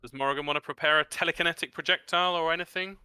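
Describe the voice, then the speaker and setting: A man's voice: fairly high pitch, fairly even intonation, racing, bright, forceful tone, smooth, no room sound. A man narrating as game master of a tabletop role-playing game, describing scenes vividly and adding sound effects.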